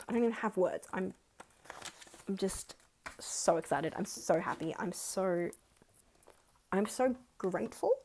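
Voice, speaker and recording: A woman in her twenties with an Australian accent, chatting excitedly and counting money aloud in a casual budgeting vlog. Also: mid-range voice. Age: 20s. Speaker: budgeting vlogger. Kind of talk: casual chat.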